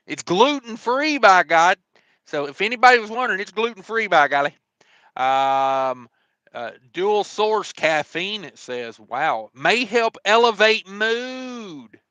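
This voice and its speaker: A man's voice: high voice, pushed and bright, smooth, no echo. A man hosting a casual trucking livestream, rambling and joking with lots of fillers. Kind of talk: casual live-stream chat.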